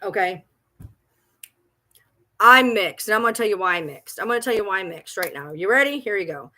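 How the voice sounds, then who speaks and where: A woman's voice: mid-range voice, animated, a little fast, sharp tone, slight background noise. Agitated woman ranting on a livestream. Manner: agitated, profane, repetitive. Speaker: TikTok creator. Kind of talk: livestream rant. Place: at home.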